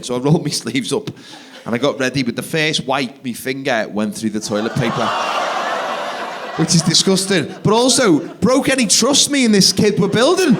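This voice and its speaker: Brief: male stand-up, thirties, fairly high voice, animated live storytelling on a theatre stage. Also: slight background noise. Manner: animated, acts out kids and wife in quick voices. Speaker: stand-up comedian.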